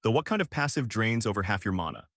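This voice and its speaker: A cocky young assassin, voiced by a male narrator, dismissive and sure of himself. The pitch rises and falls freely, and the sound is dry and close. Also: sing-song, fast, fairly bright tone, no room sound, exaggerated voice.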